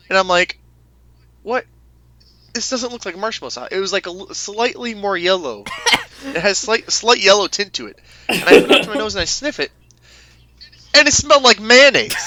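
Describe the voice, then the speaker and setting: A young man guest on a podcast, telling stories in a laughing, animated way. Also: sits high, a little fast, a little hiss or hum. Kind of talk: casual podcast storytelling.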